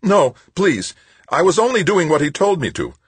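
Man putting on a scared timid woman doctor, high pleading voice, husky, dry. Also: sing-song, normal speed, no echo, heavily acted. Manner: hesitant, pleading. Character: frightened, timid female psychologist.

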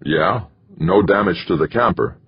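A man's voice: deep voice, a little slow, slightly rough, highs cut off, heavily acted. A man voicing a blunt, short-tempered male astronaut who talks in curt, snapping lines. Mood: gruff.

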